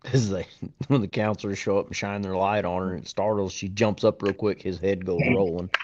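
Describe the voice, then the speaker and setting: A man's voice: sits low, fairly even intonation, a little fast, a little mellow. A man co-hosting a podcast in casual chat, telling stories in a laid-back way and often laughing. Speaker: podcast co-host. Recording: dull lo-fi audio.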